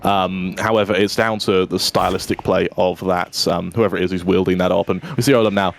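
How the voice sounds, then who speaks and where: Low-voiced British male game analyst. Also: fairly even intonation, creaky. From Britain. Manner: analytical, measured colour commentary. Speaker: esports caster. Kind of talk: live game commentary. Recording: noisy stream audio with game sounds.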